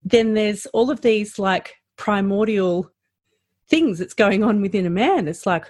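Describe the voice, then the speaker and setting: A woman, a health practitioner, talking through her advice in a podcast conversation, animated and full of ums. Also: unhurried, dry recording, clean studio sound. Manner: animated, rising and falling pitch, lots of fillers. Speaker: practitioner educator.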